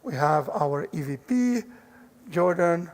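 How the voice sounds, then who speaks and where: A man, the president of an institution, giving a measured formal speech at a forum and pausing to restart while he lists colleagues. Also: fairly high pitch, lively intonation. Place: large conference hall. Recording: reverberant conference hall.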